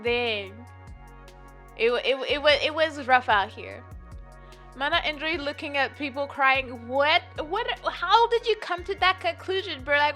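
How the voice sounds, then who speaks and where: A young adult woman streamer chatting casually on a live stream, rambling and animated as she answers her chat. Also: sits high. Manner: rambling, animated, reads chat aloud and replies. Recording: light music playing behind.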